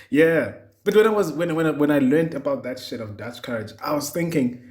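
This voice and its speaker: A man's voice: on the high side, unhurried. A young man hosting a solo podcast, rambling casually with plenty of swearing and chuckles. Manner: rambling, profane, chuckling often. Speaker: podcast host.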